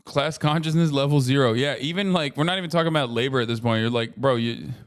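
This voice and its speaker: Smooth-voiced man in casual streamer talk. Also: mid-range voice, quick pace. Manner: rambling, swears a lot, acts out strangers' reactions. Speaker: streamer reacting to a video. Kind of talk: casual profane commentary.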